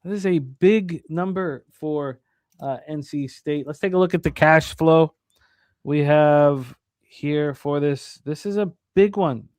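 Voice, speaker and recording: A man with a slightly raised pitch rattles through point spreads and cash percentages, filling the gaps with uh's. He sounds dry and close to the microphone, keeping the tone casual and conversational. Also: darkish tone, no echo. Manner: reads odds and numbers quickly, many fillers. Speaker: sports betting show co-host. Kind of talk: casual sports betting talk.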